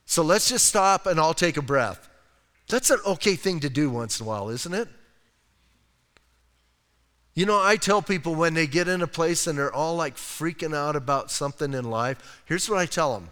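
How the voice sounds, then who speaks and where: A man's voice: fairly high pitch, animated, normal speed, a bit bright. A man preaching a sermon as pastor, in a conversational, folksy way with casual asides. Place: church sanctuary. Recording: long reverb of a church hall.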